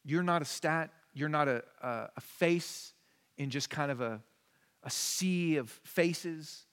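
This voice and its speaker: A man in his thirties, a pastor, preaching a casual sermon that swings from hushed asides to emphatic high points. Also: slow, smooth. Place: church sanctuary. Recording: long church reverb.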